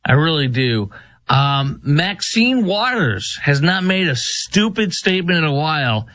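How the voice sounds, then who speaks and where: A man's voice: on the high side, big pitch swings, measured pace, a bit bright, no room sound. A man hosting a casual commentary show, mocking and laughing as he reacts to clips. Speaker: show host.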